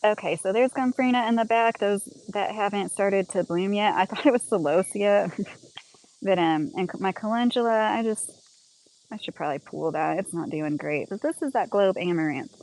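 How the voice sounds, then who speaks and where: A woman chatting casually on a livestream as she walks through her home and garden, rambling with lots of "like" and quick laughs. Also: mid-range voice, darkish tone, low-quality recording.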